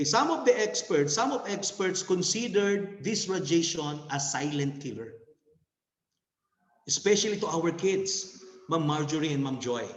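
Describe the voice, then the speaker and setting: A man's voice: high-pitched, echoey room, big-room sound, poor audio. A man with a Filipino accent giving a nervous sales presentation over a video call, laughing and restarting often.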